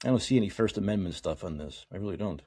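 Low-voiced and slightly rough, the male host talks fast. On his political talk show he reads out legal documents fairly calmly, but keeps erupting into profane, mocking, heated rants.

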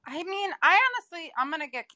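A woman talks as a guest on a political podcast, her voice bright and forceful. She hedges and searches for words earnestly. The sound is dry with no room echo. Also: extremely high pitch, animated, quick pace. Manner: earnest, hedging, many fillers. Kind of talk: casual political chat.

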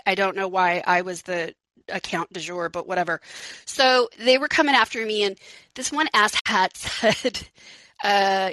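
A woman's voice: mid-range voice, sharp tone, dry recording, rough recording. A woman hosting a live call-in podcast, talking frankly and chattily, laughing often and swearing casually. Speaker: podcast host.

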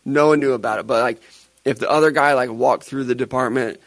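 A man's voice: mid-range voice, steady tone, brisk, no echo. A young man co-hosting a podcast, chatting casually and teasing his co-host with plenty of laughter. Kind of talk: casual chat.

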